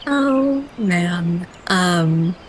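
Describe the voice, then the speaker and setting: Young woman gaming stream, giggly chatty asides, lowish voice, faint noise in the back. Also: expressive, very slow. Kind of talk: casual game stream commentary.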